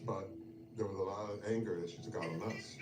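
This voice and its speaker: A man telling personal stories in a casual chat over a meal, emotional and animated, dropping to murmurs and rising to loud bursts. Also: lowish voice, a little fast, loud music behind the voice. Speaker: guest. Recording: echoey, distant, noisy room.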